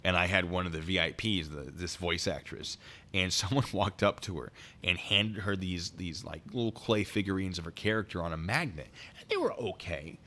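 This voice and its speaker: In a casual storytelling chat, a young man recounts funny episodes from serving as a military police officer, voicing the people he quotes. His delivery is low-pitched, moderately paced and animated, with what he calls deadpan humor.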